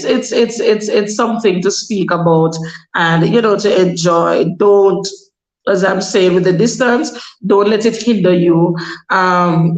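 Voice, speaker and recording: A woman's voice: on the low side, highs cut off. Chatty Jamaican woman in echoey room. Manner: chatty, advising, slips into patois. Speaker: vlogger. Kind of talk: casual advice vlog.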